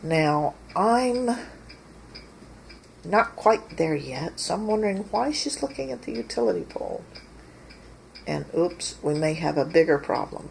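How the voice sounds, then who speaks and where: A woman casually telling an amused, unhurried anecdote outdoors by her porch while she films herself. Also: sits low, vocal fry, a little mellow, a little hiss or hum, low-quality recording. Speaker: vlogger. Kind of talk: casual storytelling.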